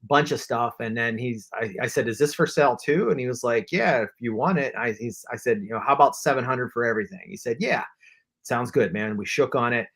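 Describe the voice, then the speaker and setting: A man co-hosting a collecting live stream tells a winding story in easy conversation. He voices what other people said as he goes and leans on fillers. His voice sits at an ordinary middle pitch. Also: brisk, fairly bright tone, breathy edge. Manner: rambling anecdote with acted-out quotes, many fillers. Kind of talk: casual chat, storytelling.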